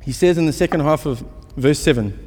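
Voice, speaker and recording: Preaching in a fairly high, darkish-toned voice, this pastor talks a little fast. He mixes stories that poke fun at himself with rhetorical questions, and a long reverb suggests a big hall.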